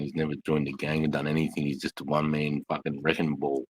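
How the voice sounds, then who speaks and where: Very deep-voiced Australian man. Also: monotone, fast talker, slightly rough, dry recording. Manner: crude, slangy storytelling. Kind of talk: casual chat. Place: bar.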